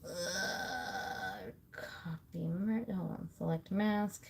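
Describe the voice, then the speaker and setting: A woman's voice: lowish voice, very animated, extremely slow, gravelly, a little hiss or hum. Woman, 30s, home livestream host; loose, profane, talks while multitasking at her desk. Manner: chatty, swears freely, thinks aloud. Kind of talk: casual rambling chat.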